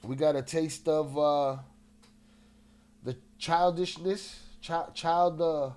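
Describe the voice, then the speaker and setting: A man's voice: on the high side, fairly even intonation, slow pace, darkish tone. A man hosting a casual livestream, restless and agitated, swearing often and greeting chat members, with a slightly nasal voice. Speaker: livestream host.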